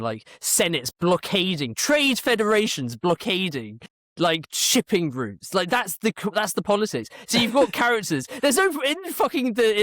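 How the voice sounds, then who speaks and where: A man co-hosting a casual podcast, chatting in rambling asides and reacting quickly. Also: high voice, fairly bright tone, no echo, clean studio sound. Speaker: podcast co-host.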